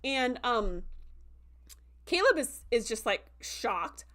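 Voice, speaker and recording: A young adult woman recapping an episode in a casual livestream, animated and full of fillers, acting out quoted reactions as she goes. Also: on the high side, slow pace. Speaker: show reviewer.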